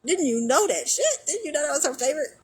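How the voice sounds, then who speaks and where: A woman delivering an angry, profane monologue, swinging between loud outbursts and hushed muttering. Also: high voice, expressive, fast talker. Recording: noisy background hum.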